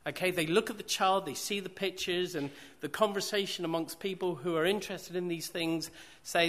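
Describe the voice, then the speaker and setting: A man's voice: sits high, normal speed, few pauses, fairly bright tone. A man preaching a sermon, repeating phrases for emphasis and posing rhetorical questions to the congregation.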